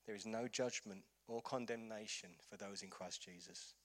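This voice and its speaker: A man's voice: on the low side, steady tone, normal speed. A man preaching a sermon as pastor in a church, urging his listeners with rhetorical questions and passionate appeals.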